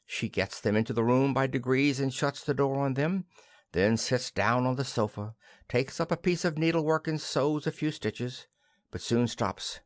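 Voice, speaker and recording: A man's voice: mid-range voice, normal speed, no room sound, clean studio sound. Man reading stage directions. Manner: reads stage directions evenly. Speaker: audiobook narrator. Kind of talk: scripted play reading.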